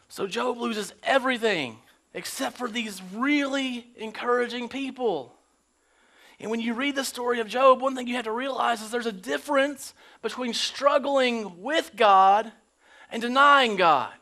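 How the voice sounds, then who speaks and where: Man, pastor, church sermon, high voice, casual joking delivery. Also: normal speed, pushed and bright. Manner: casual, joking preacher doing slangy quoted voices. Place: church sanctuary.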